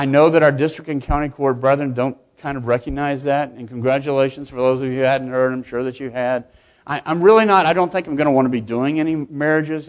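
This middle-aged man, a municipal judge from Texas, has a mid-range voice and talks informally to other judges at a conference, with many repeated and restarted words.

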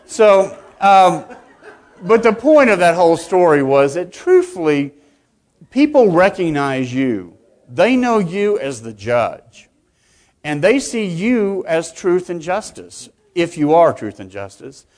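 A man's voice: high-pitched, big pitch swings, slow, a little mellow. A middle-aged man, a municipal judge, giving a conversational conference speech to fellow judges, often repeating and restarting words. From Texas.

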